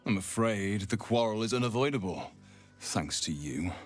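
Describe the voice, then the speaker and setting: An actor playing a cold, scornful cultist in a fantasy video game, sneering and measured. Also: male voice, lowish voice, animated, faint music behind. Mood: menacing.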